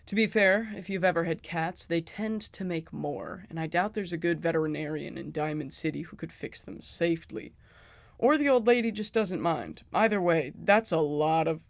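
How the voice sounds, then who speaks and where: Dude ranting sarcastically about a game, highish voice, dry close sound. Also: male voice, gravelly, no room sound. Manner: sarcastic, profane, exasperated. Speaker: video essayist. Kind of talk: critical game commentary.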